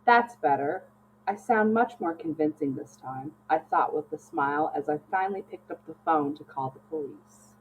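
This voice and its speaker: A woman co-hosting a casual podcast chat, expressive and swearing casually as she jokes. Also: moderate pace. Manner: expressive, swings high when joking, swears casually. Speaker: podcast co-host. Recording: dull lo-fi mic with faint hum.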